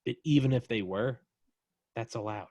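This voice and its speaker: A man hosting a casual podcast, blunt and profane, arguing his point with animated swings in emphasis. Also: medium pitch, moderate pace, dry recording. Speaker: podcast host.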